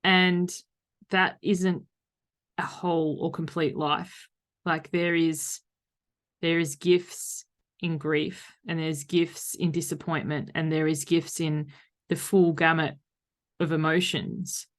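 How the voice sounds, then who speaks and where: A lowish-voiced woman chats on a podcast. She talks in a lively, animated way and slips into playful quoted voices to make her point. Relaxed, conversational delivery. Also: takes it slowly. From Australia. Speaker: podcast co-host. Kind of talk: casual podcast chat.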